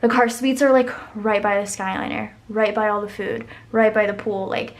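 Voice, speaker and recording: A woman's voice: mid-range voice, little pitch movement, moderate pace. A young woman, chatting and rambling through a story while decorating her planner, filling it with "like". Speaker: planner vlogger.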